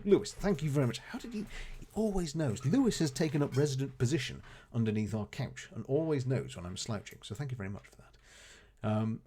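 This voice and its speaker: A man's voice: mid-range voice, dark tone, a little hiss or hum. A man streaming a game live, greeting viewers and chatting genially as he plays. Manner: chatty, genial, fond of exclamations like goodness gracious. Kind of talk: casual live-stream chat while playing.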